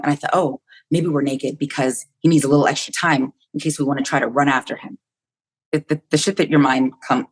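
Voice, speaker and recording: A woman's voice: sits low, husky. A woman in her fifties from the United States, speaking as a podcast guest. She tells a personal story candidly and vividly, voicing her own thoughts aloud and swearing freely along the way.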